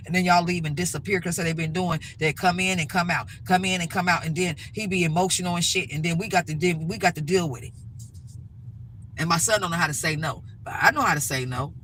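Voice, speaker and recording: A woman's voice: on the low side, fast, fairly bright tone, a little hiss or hum, poor audio. A middle-aged woman vlogging, ranting bluntly and emphatically with lots of repetition, from inside a vehicle. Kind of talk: ranting to-camera vlog.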